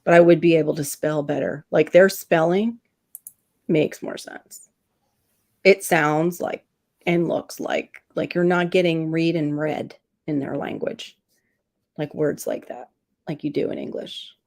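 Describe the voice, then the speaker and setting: A woman's voice: sits low, a little slow, gravelly. A woman hosting a casual livestream chat, talking freely and laughing often between remarks. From Florida. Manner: chatty, laughs often, animated mock voices. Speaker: livestream host. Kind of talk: casual chat reading viewer comments.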